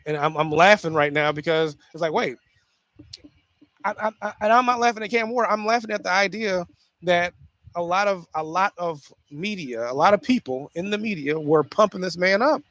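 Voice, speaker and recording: Male sports talk host, slightly high voice, animated solo commentary with restarts, dry close recording. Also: normal speed, dry recording. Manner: animated, repeats himself, frequent restarts and fillers.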